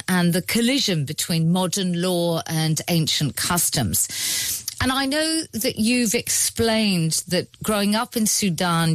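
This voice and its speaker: A woman's voice: on the low side, no room sound. A woman interviewer asking prepared, articulate questions about a film. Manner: articulate, with lively intonation.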